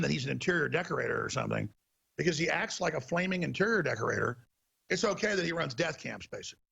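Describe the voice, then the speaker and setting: A man's voice: on the high side, gravelly, bright, forceful tone, breathy edge. A man hosting a talk show, delivering a heated, emphatic ranting monologue.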